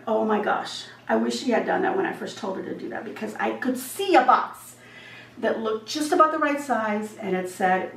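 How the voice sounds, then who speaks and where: A woman's voice: fairly high pitch, creaky. A woman vlogger casually telling a storytime anecdote, retelling the back-and-forth and acting out the other people's lines as she goes. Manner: animated retelling, acts out dialogue. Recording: echoey room, voice a bit far from mic, faint background hum.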